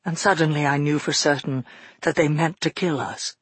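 A man voicing a father who tells his daughter a frightening past event in a measured, earnest first-person telling. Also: on the high side, fairly even intonation, a bit bright, breathy edge, no room sound. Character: grown father recounting a frightening past, shaken. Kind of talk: audiobook narration.

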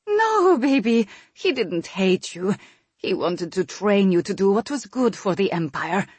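A woman's voice: medium pitch, measured pace, husky, no echo. A woman voicing a commanding noblewoman mother who is emotional and bossy, in an audiobook reading. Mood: tender. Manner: loud, urgent, commanding.

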